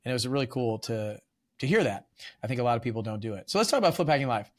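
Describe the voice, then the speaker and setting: A man's voice: mid-range voice, animated, racing. A man hosting a podcast interview, talking casually with lots of fillers and restarts. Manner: rambling with many fillers and restarts. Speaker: podcast host.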